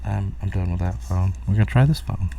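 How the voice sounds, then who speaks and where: A man's voice: low voice, fairly quick, vocal fry, dark tone, recorded from a distance, a little hiss or hum. A middle-aged man hosting a rambling solo live stream from home, distracted and chuckling at his own jokes. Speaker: host of a live talk stream.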